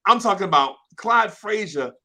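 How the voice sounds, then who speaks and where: A man telling a childhood story in casual chat, animated and slangy, often laughing. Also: sits high, normal speed. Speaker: podcast storyteller.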